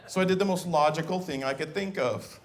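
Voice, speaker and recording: A middle-aged stand-up comedian on a club stage spins family stories, animatedly playing out scenes as he goes. His voice is a little high, and his delivery a little fast.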